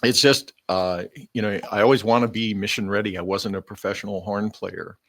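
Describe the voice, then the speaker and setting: An older man from Minnesota, a guest bugler, telling rambling stories in casual talk, with a gravelly voice, frequent fillers and laughs. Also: on the low side, fairly even intonation, fairly quick, fairly bright tone, no echo. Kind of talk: casual storytelling.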